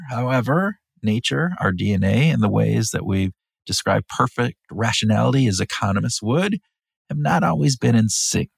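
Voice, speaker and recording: Man, podcast co-host, husky, gravelly, playful teasing, casual chat. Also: medium pitch, no echo, clean studio sound. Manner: playful, teasing with mock amazement.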